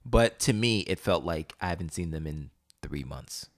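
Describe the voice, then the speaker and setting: A podcast co-host with a low voice tells a story in casual chat, lively and animated, acting out the voices he quotes. He speaks at a moderate pace, and the recording is dry with clean studio sound.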